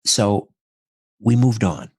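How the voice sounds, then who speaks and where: A middle-aged man with a very low, husky voice recounts a personal story in conversation. He talks in an earnest, reflective way, walking through events step by step. The recording is dry and close. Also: slow pace, darkish tone, no room sound. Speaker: podcast guest.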